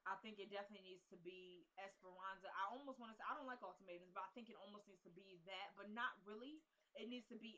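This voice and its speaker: A young woman talks straight to her camera from home, giving her opinions on a TV drama in a loose, chatty way. Her voice is bright and forward, and she fills her sentences with "you know" and "like". She sounds opinionated and fully at ease. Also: mid-range voice, fast, few pauses, rough recording. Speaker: vlogger reviewing a TV drama. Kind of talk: casual talking-head commentary. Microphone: camera built-in mic.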